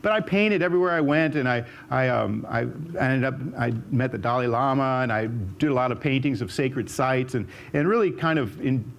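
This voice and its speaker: An older man tells stories from his life on stage, rambling warmly through false starts and repeated words, and jumping up in pitch to act out what others said. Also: normal speed, creaky, few pauses, highs cut off, a little hiss or hum. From United States. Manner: chatty storyteller with frequent restarts and repeated words; jumps up in pitch when acting out what people said. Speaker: speaker. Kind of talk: storytelling talk on stage. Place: auditorium stage.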